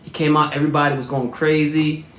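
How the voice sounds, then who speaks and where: Animated man telling stories, echoey room. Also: on the high side, quick pace. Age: 30s. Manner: animated, shout-outs and filler words. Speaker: host. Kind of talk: casual personal storytelling.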